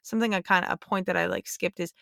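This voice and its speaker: A woman's voice: fairly low pitch, fairly even intonation, fast, vocal fry, a bit bright, no room sound, studio quality. A young woman and police officer hosting a podcast, lecturing listeners bluntly and emphatically, with plenty of swearing. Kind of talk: blunt opinionated monologue.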